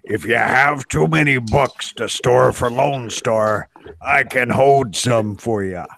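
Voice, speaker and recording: A man putting on a gruff pirate voice. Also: mid-range voice, slow, a bit bright, exaggerated voice. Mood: jokey. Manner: playful growling put-on. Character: gruff male pirate reading a fan message.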